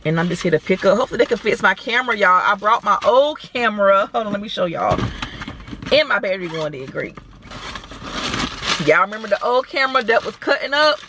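A woman talks straight to her viewers from inside her car, chatty and animated, calling them y'all. Her voice sits at an ordinary middle pitch. A faint hum of vehicle noise runs underneath. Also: fairly quick. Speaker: vlogger. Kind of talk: casual chat to camera.

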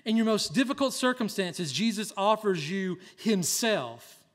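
A male pastor preaching a sermon in an earnest way, dropping to a hush and then rising to loud emphasis. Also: high-pitched, animated, a little slow.

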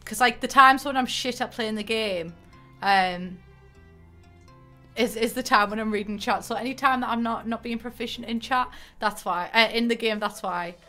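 Wrapping up a stream over soft game music, a woman chats casually in a slightly high voice at a moderate pace. Tearful and emotional, she rambles, restarts her sentences, and pokes fun at herself.

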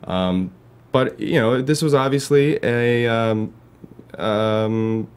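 A man's voice: mid-range voice, steady tone, slow, smooth. A man talking in a casual panel discussion, hesitant and skeptical, with lots of fillers.

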